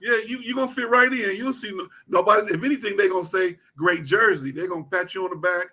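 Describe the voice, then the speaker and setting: Playful man chatting sports, bright and husky. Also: sits high, quick pace. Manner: animated, playful teasing. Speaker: co-host. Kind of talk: casual sports talk. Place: livestream call.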